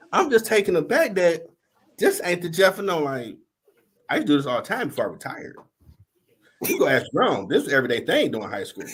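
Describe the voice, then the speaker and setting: Animated storytelling man, lively pitch. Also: breathy edge. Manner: storytelling, animated, slangy, acts out quoted voices. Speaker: host. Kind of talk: casual panel chat.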